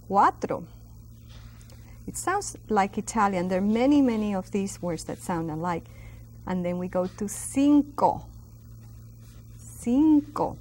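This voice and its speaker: Slow, patient woman teaching. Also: a little high, darkish tone, slight background noise. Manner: patient, drawn-out, exaggerated pronunciation modeling. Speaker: Spanish teacher. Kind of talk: instructional lesson.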